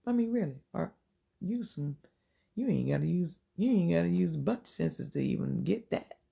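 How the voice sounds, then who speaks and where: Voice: medium pitch, creaky, dark tone, husky. A channel host giving an earnest, informal inspirational faith talk, repeating phrases and dropping into whispers to make a point.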